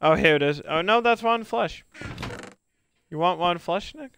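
A young man streaming a game, chatting casually and excitably with many fillers and laughs. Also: sits high, normal speed, a little hiss or hum. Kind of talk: casual gaming chat.

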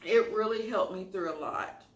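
A man telling an emotional personal story on his channel in an expressive, sassy way, calling listeners honey. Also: high-pitched, normal speed. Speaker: storytime YouTuber. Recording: roomy echo.

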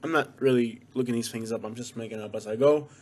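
A man's voice: medium pitch, fast, darkish tone. A young man from Florida with a Southern accent, vlogging casually with a jokey, rambling, self-mocking manner. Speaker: YouTube vlogger. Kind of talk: casual joking vlog.

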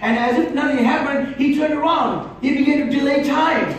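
A man preaches with a very high voice, shouting out some points and then dropping low and soft. He is heard from a distance in a big, echoing church hall with faint noise underneath. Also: moderate pace. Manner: shouting, emphatic preaching with sudden drops to quiet. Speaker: pastor. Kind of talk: sermon.

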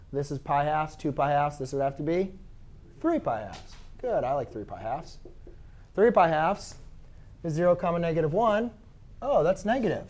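Male math teacher, slightly higher voice, conversational classroom lecture, asks students questions, corrects himself. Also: a little mellow.

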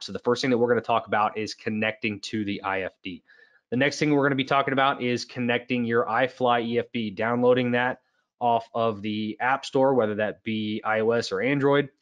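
A man hosting an online product webinar, talking casually with lots of fillers and restarts. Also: mid-range voice. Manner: chatty, many fillers and restarts. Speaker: webinar host. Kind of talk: casual presentation.

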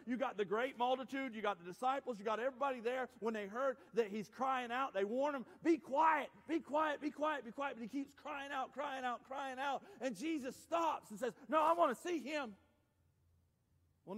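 A man preaching a sermon as pastor, dropping low and quiet then rising to shouts. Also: fairly quick, few pauses. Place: church sanctuary. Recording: church sanctuary with long reverb.

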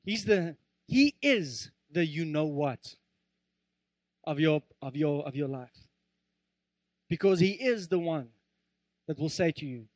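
High-voiced man preaching a sermon. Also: slow pace, long pauses, no echo. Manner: earnest, animated, joking asides. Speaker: pastor. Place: church.

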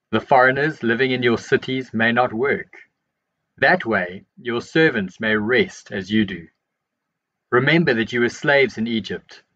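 A man reading Bible passages aloud in a measured, steady voice. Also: mid-range voice, muffled recording. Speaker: Bible reader. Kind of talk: scripture reading.

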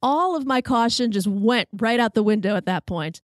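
A woman hosting a podcast, telling a funny personal story in a wry, self-mocking, animated way. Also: on the high side, normal speed, no echo, studio quality. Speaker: podcast host.

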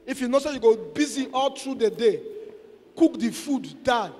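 A man with a Nigerian accent preaching a sermon, exhorting and playful, mixing in Pidgin and bursting into shouts. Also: very high voice, expressive, normal speed. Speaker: pastor. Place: church. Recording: echoey church hall.

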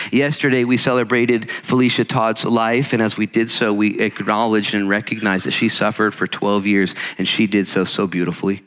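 A man preaching a sermon as pastor to a church congregation, energetic and conversational, acting out quotes as he goes. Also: fairly low pitch, normal speed, few pauses. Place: church sanctuary. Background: congregation present.

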